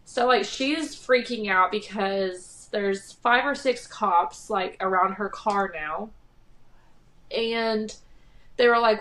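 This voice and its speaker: A woman's voice: mid-range voice, takes it slowly, fairly bright tone. A young woman co-hosting a casual podcast, telling a story in a loose, rambling way. She fills it with likes and ums, and her voice has a slight nasal edge. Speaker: podcast co-host.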